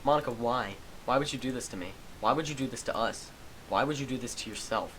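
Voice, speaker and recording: A man's voice: mid-range voice, quick pace, fairly bright tone, a little hiss or hum, natural voice, rough recording. A man reading aloud as a hurt teenage girl who pleads with a friend, in a subdued voice, in a visual novel game. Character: hurt, tearful teenage girl in a school club.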